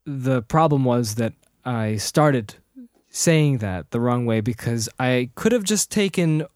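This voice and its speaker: A man chatting casually on a podcast, animated and quick to laugh, often restarting his sentences. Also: mid-range voice, no echo, studio quality. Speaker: audiobook narrator and podcast host. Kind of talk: casual chat.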